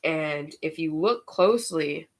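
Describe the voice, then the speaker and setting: A woman's voice: low voice, measured pace. A woman giving a casual spiritual tarot reading, chatty and candid, swearing and using slang freely, and getting worked up over the cards. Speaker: tarot reader.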